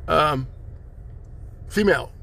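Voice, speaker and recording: A man's voice: fairly high pitch, expressive, takes it slowly, vocal fry, sharp tone. A man hosting his own podcast, delivering a rambling spiritual monologue with preachy, chanted repetitions. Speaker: podcast host.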